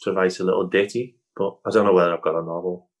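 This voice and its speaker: On a rough recording, a deep-voiced man talks quickly with fairly even intonation. He's an improv comedian from Liverpool, England, with a Scouse accent, a guest in a laid-back video-call interview who rambles, restarts, uses lots of fillers and laughs readily.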